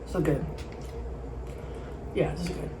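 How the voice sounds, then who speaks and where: A woman in her thirties from the Bay Area, casually telling a story while she eats, chatty and quick to laugh. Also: background noise. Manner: chatty, laughs often, acts out quotes loudly. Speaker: mukbang host.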